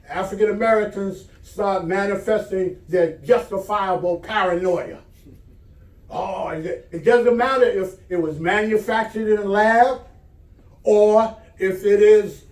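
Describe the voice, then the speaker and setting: A man's voice: sits high, darkish tone. A man giving a Friday sermon as an imam, telling a story in a conversational, folksy way, recorded in a mosque prayer hall. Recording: echoey hall, mic at a distance.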